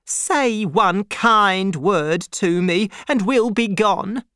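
A woman voicing a tearful, emotional middle-aged Englishwoman in a storybook reading, pleading in a high voice. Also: extremely slow, a bit bright, no room sound, studio quality.

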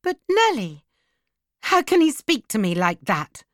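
A woman voicing a spoiled, excitable teenage girl of a grand house, with high, loud, haughty outbursts. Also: measured pace, no room sound, clean studio sound. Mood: upset.

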